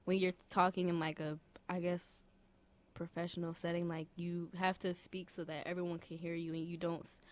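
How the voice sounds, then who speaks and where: Young woman with a lowish voice, hesitant. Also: flat delivery, normal speed. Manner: hesitant, fills with "like". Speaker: podcast co-host. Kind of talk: casual chat.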